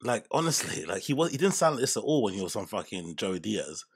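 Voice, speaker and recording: Brief: male reaction host, husky and gravelly, rambling and profane. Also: lowish voice, big pitch swings, brisk. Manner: rambling, profane, stops and restarts often. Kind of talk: casual reaction commentary.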